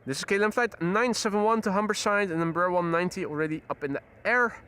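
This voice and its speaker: High-voiced man spotting planes. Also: quick pace, pushed and bright, clean tone. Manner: chatty, greets viewers, frequent fillers. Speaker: live stream host, plane spotter. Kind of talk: casual live commentary. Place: outdoors near airport runway.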